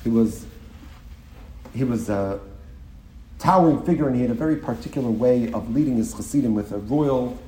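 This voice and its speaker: A man telling a Hasidic story as a sermon, animated and swelling to emphatic bursts. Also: mid-range voice, moderate pace, long pauses. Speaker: religious storyteller. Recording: roomy with faint ambience.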